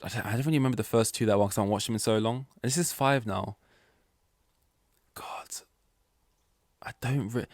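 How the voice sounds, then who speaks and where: A man's voice: lowish voice, no echo, studio quality. Rambling young man chatting solo. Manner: rambling, chatty, many fillers and restarts. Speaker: podcast host. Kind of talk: casual solo podcast chat.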